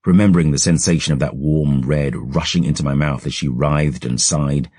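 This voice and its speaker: A man narrating a dark fantasy audiobook in a measured, brooding storytelling manner, close to a studio mic. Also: very deep voice, husky, no room sound.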